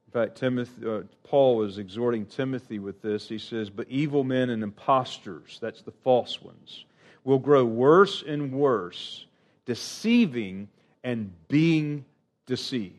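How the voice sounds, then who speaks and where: A middle-aged man preaching a sermon, earnest and emphatic, with sudden rises in pitch and lines that trail off quietly. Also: a little slow.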